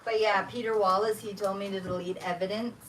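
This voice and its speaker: A woman livestreaming from her phone in a home kitchen. She rants with heat and swears constantly. Her pitch sits in an ordinary middle range, with a faint hiss behind her voice. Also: fairly even intonation, brisk. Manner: profane, agitated ranting. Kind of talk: casual livestream chat.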